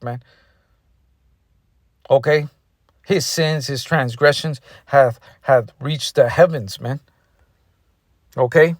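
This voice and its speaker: A man's voice: medium pitch, no room sound, studio quality. A man preaching an angry, profane sermon, aggressive, ending nearly every phrase with "man". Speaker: street preacher.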